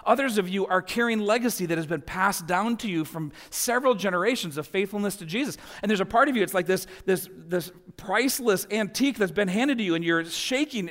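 Pastor in his 40s, tenor-high voice, story-driven sermon, long church-hall reverb. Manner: storytelling, voice rising in anecdotes.

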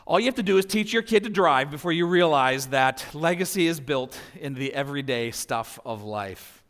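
Preaching at a moderate pace, a forty-something pastor with a slightly high, fairly bright voice speaks animatedly amid long hall reverb. His sermon is built on family anecdotes, and his voice rises as each one builds.

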